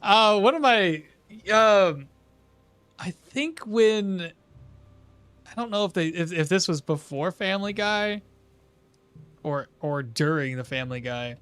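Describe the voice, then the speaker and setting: Male game streamer, high-pitched, loose rambling chat with frequent chuckles. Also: expressive, takes it slowly, long pauses, a bit bright, clear, resonant tone, no room sound. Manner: rambling, chuckles often, trails off into asides. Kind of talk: casual live-stream chat while playing.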